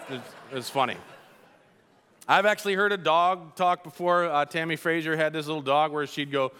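A man preaching a sermon to a congregation, telling the story with lively asides and acted-out voices. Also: on the high side, measured pace, smooth. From Colombia. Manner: animated storytelling, acts out voices.

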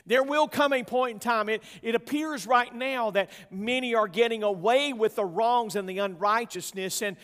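A man preaching a sermon, reading scripture slowly and swinging between loud emphasis and soft, low delivery. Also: clean tone. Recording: long hall reverb.

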